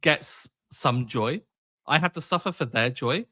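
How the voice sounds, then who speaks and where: A man's voice: medium pitch, animated, measured pace, bright, forceful tone. A man in his thirties co-hosting a podcast, dry and sarcastic in casual chat. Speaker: podcast co-host.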